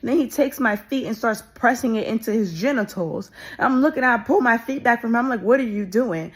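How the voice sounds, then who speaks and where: A woman telling a personal story in a rapid, intense way, restarting often and swearing. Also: on the high side, slightly rough. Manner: intense and emotional.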